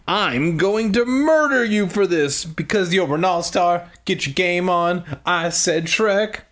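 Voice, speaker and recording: A man's voice: sits high, steady tone, slow pace, fairly bright tone, voice pushed up. A man voicing a furious, frightened young girl who shrieks her accusations.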